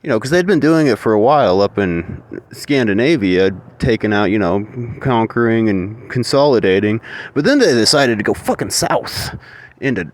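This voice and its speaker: A man's voice: on the low side, animated, normal speed. A man in a rambling, profane, ranting monologue.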